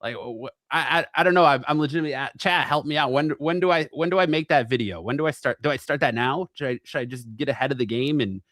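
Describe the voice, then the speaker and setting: A man's voice: mid-range voice, quick pace, few pauses, a bit bright, no room sound. Crude, rambling man from Arizona. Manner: rambling, crude, self-mocking. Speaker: guest. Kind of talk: casual chat.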